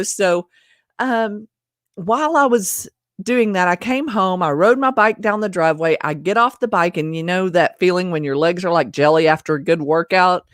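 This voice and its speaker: A woman vlogger speaks straight to her viewers, telling a personal story in a chatty, self-deprecating way. Her voice is lowish, and the recording is dry with clean studio sound.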